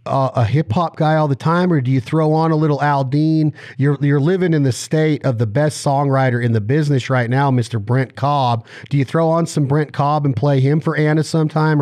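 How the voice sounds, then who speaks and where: A man's voice: mid-range voice, darkish tone, no echo, clean studio sound. Joking man firing off questions. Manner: rambling, joking, rapid strings of questions. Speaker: podcast host. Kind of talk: casual interview chat.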